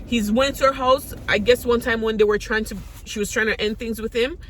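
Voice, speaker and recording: Talking to her vlog audience, a woman raised in the Caribbean shares personal stories at a brisk clip in a fairly high, steady voice. Her storytelling is candid and wandering, full of restarts, over a touch of hiss or hum.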